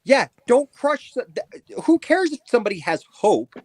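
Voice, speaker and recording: A man's voice: very high-pitched, big pitch swings, normal speed, a little mellow, no room sound. A man co-hosting a live stream, arguing emphatically and repeating himself as he pleads his point in a heated debate. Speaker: stream co-host.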